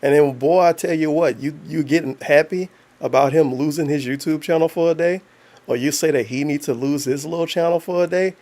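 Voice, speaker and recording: A man's voice: fairly high pitch, a little fast, a little mellow. A man talking over a video on a live stream, mocking and crude. He swears freely and keeps breaking off to answer his chat. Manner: mocking, profane, reads chat aloud. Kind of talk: casual live-stream commentary.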